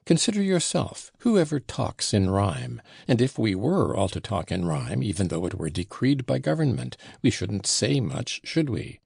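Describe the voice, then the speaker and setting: A man's voice: on the low side, huge pitch swings, normal speed, creaky, few pauses, darkish tone, breathy edge, no echo, studio quality, full character voice. Man voicing a curt, scornful young servant. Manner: curt, disdainful. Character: sullen proud young male servant, contemptuous. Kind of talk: audiobook reading.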